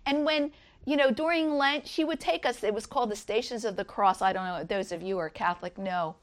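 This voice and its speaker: A middle-aged woman giving an earnest Easter devotional talk, reading scripture and telling personal stories. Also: fairly quick. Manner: earnest, rises high when voicing others.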